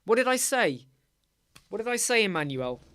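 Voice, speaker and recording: A man's voice: high voice, sing-song, moderate pace, a bit bright. A middle-aged man with a British accent hosting a casual live chat, talking to viewers by name in a chatty, teasing way. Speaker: livestream host.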